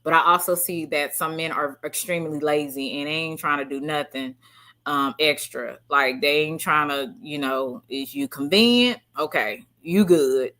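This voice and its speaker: A woman hosting a livestream, chatting casually and reading out viewer comments in an animated, slangy way. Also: low voice, moderate pace. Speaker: livestream host.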